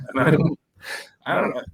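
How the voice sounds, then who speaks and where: A man co-hosting a podcast, telling animated stories and acting out quotes with big jumps in his voice. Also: fairly high pitch, measured pace, breathy edge, rough recording. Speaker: podcast co-host. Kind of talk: casual storytelling chat.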